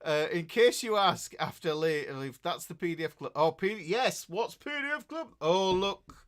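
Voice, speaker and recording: A man's voice: high-pitched, expressive, moderate pace, a bit bright. A middle-aged man with a Yorkshire accent, hosting a casual guitar livestream and chatting in a jokey, rambling way. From Yorkshire, England. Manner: jokey, chatty and rambling, greeting viewers by name.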